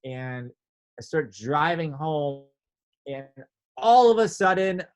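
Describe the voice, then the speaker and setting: A man telling a story in a casual interview, animated, filling his talk with "like" and acting out quotes. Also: a little high, slow. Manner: animated, many "like" fillers, acts out quotes. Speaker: podcast guest, drummer.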